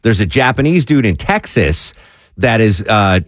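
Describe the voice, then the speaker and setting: A man's voice: on the low side, unhurried, no room sound, clean studio sound. A man hosting a radio talk show, chatting casually and joking, slipping into voices of imagined fans. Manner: jokey, animated, puts on voices of fans.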